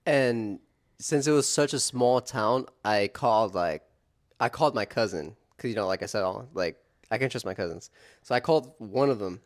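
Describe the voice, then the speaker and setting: A man's voice: on the low side, animated, normal speed. A young man casually telling a story on a couple's vlog, laid-back and slangy, swearing and saying "dude" and "bro". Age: young adult.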